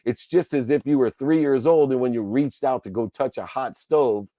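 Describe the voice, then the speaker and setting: A man's voice: mid-range voice, moderate pace, mellow, dry recording, studio quality. A man giving a motivational speech, emphatic and preachy, stacking repeated lists and phrases. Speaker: motivational speaker.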